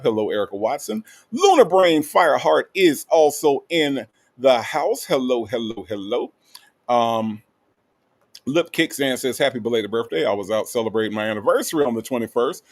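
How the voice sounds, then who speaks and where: Male stream host, gravelly mid-range voice, laid-back, reads chat with drawn-out hellos. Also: medium pitch, animated. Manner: drawling, repeats greetings, playful asides. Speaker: livestream host. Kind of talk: casual livestream chat reading viewer comments.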